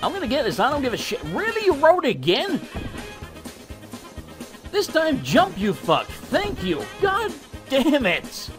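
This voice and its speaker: A man's voice: very high-pitched, wildly swooping pitch, normal speed, long pauses, over music. A man giving gameplay commentary, ranting in frustration, swearing a lot and laughing at himself. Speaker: let's play gamer.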